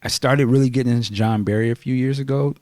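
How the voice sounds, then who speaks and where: A man hosting a casual podcast chat, laughing easily and trailing off quietly. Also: medium pitch, steady tone, quick pace, dry recording, studio quality.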